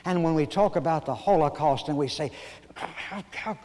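An older man preaching a sermon, moving between folksy storytelling and emphatic, slow points with dramatic pauses. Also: on the high side, warm tone, big-room sound. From Arkansas, USA. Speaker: pastor.

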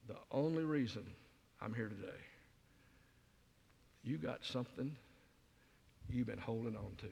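A man's voice: medium pitch, gravelly, darkish tone, a little hiss or hum. An older man speaking as a guest preacher, telling folksy stories with self-mocking humor in a sermon. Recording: reverberant hall.

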